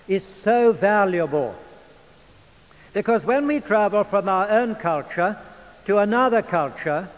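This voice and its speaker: An older man with an English accent preaching a sermon in a church, in a measured, emphatic manner. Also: high voice. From England. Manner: measured, emphatic delivery with drawn-out phrases. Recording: long church reverb.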